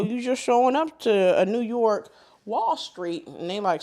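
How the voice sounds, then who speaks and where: A middle-aged woman hosting a live sewing stream, telling stories in animated, colloquial casual chat and laughing often. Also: a little high, a little slow.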